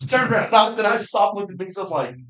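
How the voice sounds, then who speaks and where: Lively-voiced man chiming in, echoey room. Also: high-pitched, fast talker, recorded from a distance. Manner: chimes in, finishes others' stories. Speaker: podcast guest. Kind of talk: casual banter.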